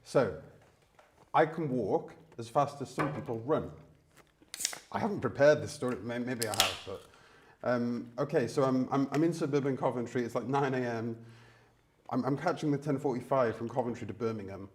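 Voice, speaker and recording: A man's voice: medium pitch, moderate pace, a little hiss or hum. A man guest on a livestream, telling a rambling anecdote and quoting himself. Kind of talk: casual chat.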